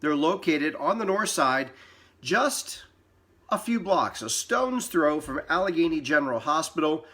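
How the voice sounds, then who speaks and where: A man with a slightly high voice presents a casual weather forecast that includes a sponsor spot. He speaks in an unhurried, relaxed, folksy way and drifts into small asides.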